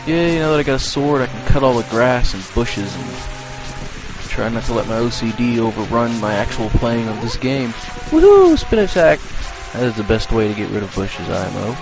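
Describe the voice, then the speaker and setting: A man hosting a let's play, giving excitable, profane commentary full of joking asides. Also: medium pitch, brisk, vocal fry. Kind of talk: gameplay commentary. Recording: game music playing behind.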